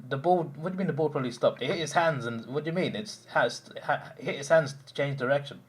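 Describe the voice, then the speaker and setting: A young man hosting a live stream, telling stories in animated casual chat with restarts and bursts of laughter. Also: a little high, fast. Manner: animated storytelling, mimicking others, frequent laughs and restarts.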